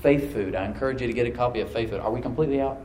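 A man's voice: medium pitch, very fast, dark tone, slight background noise. A middle-aged male pastor preaching a sermon to his congregation, exhorting and repeating phrases for emphasis. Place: church hall with congregation. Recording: roomy church echo.

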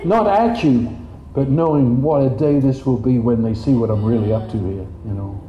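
A man preaching a sermon in an animated way, jumping up in pitch for quoted voices. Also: moderate pace, slight background noise. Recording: dull, echoey room.

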